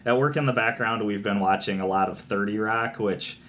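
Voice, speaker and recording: A man's voice: lowish voice, fairly quick, fairly bright tone. Chatty young man who laughs a lot. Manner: chatty, laughs often, many fillers. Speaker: podcast co-host. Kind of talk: casual chat about movie tropes.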